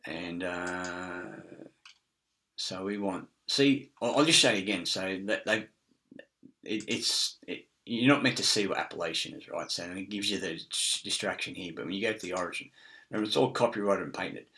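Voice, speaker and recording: A man's voice: low-pitched, moderate pace, sharp tone. A middle-aged man, rambling in a casual monologue with many fillers, restarts and frequent swearing. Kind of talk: casual screen-share monologue.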